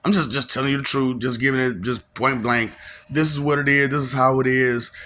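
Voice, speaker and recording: A man's voice: medium pitch, steady tone, fairly quick, bright, forceful tone, a little hiss or hum. A man giving a rambling solo monologue in a manic, taunting way, breaking into cackles between lines. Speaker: vlogger.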